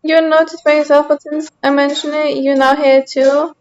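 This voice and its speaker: A young woman streams a game from her sofa at home, chatting casually with her viewers. Her voice sits high and bright, and she answers chat aloud with a playful, defensive streak. The talk stays loose and unscripted. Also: level tone, normal speed, highs cut off, faint music behind. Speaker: gaming streamer.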